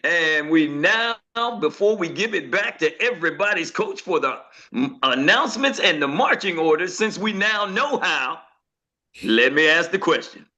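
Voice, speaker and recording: Bright, lively male hype emcee. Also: normal speed. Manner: booming announcer delivery, playful. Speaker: emcee, inspirational announcer. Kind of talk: hype emcee talk on a video call.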